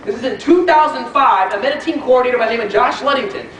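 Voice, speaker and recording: Man, high voice, motivational trainer, animated storytelling, echoey hall, distant mic. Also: fast talker, a little hiss or hum. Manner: animated storytelling, quizzing the audience. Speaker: network marketing trainer. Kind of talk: motivational speech to a live audience.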